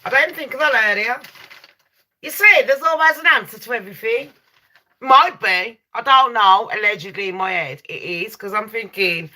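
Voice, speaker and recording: A woman's voice: fairly high pitch, moderate pace. Brash sweary woman telling ghost stories. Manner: loud, sweary, laughs and shrieks often. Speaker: live stream host. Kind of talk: casual storytelling to chat.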